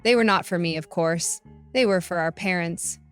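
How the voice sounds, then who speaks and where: A young woman narrates her own family drama with sarcasm and indignation. Her voice sits fairly low, and faint music plays underneath. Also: normal speed, clean tone. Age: young adult. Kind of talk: first-person story narration.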